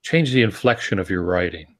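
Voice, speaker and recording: A man's voice: sits low, expressive, fairly quick, a bit bright. A man co-hosting a podcast about writing, talking casually and thoughtfully and explaining his points with frequent ums and restarts. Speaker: podcast co-host.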